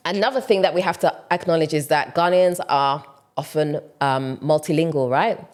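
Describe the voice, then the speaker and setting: A woman's voice: sits low, normal speed. A woman hosting her own vlog, giving casual opinion commentary in a conversational, explanatory way, often saying "like, you know.". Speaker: vlogger and channel host.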